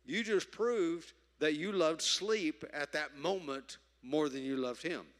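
A man preaching a sermon, emphatic, moving from loud stresses to quiet asides. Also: on the high side, slow pace. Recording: reverberant hall.

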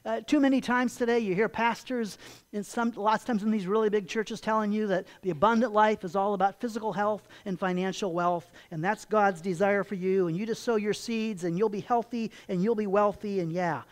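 Brisk and emphatic, a pastor preaches a sermon packed with rhetorical questions, repeating key phrases and getting louder and higher to drive points home, though his intonation stays fairly even overall.

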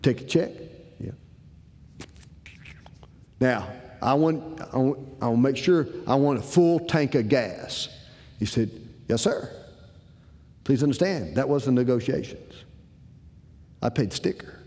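A man's voice: mid-range voice, measured pace, long pauses. A man telling a personal story to an audience, acting out the dialogue. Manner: animated, acts out the dialogue. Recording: long hall reverb.

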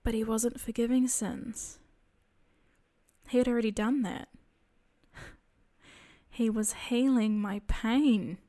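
A woman telling a personal faith testimony in a soft, reflective storytelling manner. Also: on the high side, steady tone, takes it slowly, long pauses. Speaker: storyteller sharing a spiritual experience.

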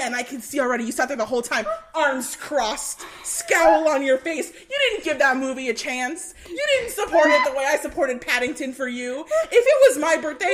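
A woman with a high, lively voice holds forth in a casual podcast chat. She rants with big swings in her delivery and swears freely. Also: noisy background. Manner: animated, ranting, swears freely. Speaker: podcast co-host.

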